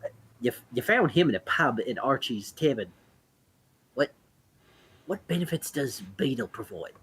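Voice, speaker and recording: A man voicing a male sea elf pirate who quietly grumbles to his captain, rambling and confiding. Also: mid-range voice, lively intonation, normal speed, slightly rough.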